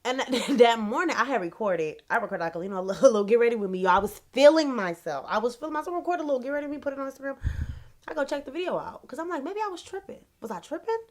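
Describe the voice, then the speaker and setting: A young adult woman, telling a casual, animated, slangy storytime on her vlog. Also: a little high, rapid-fire. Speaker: vlogger.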